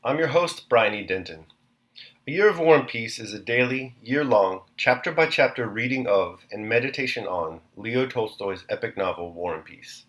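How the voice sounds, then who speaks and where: A man hosting and reading a classic novel aloud chapter by chapter, in a measured, clear narration. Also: mid-range voice, expressive, a bit bright. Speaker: host and reader. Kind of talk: audiobook narration.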